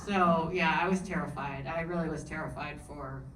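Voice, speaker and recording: A woman's voice: low voice, normal speed. A woman from New Orleans with a Southern accent, an actress telling stories at a panel Q&A with lots of laughter. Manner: animated, laughing storyteller. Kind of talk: panel Q&A chat. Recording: roomy hall, distant mic, faint noise.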